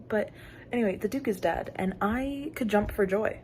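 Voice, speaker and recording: A young woman vlogging about a book she is reading, thinking aloud and reacting with giggles, gasps and sudden high exclamations. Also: normal speed, darkish tone, slight background noise. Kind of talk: casual reading vlog.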